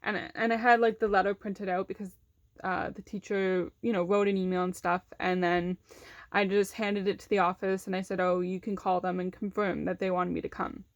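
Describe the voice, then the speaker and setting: A woman's voice: mid-range voice, flat delivery, brisk, dry recording, dull audio. A young woman casually telling a personal story, with lots of fillers, who brings in the other people's lines by acting them out. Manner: conversational, many fillers, acts out quoted voices.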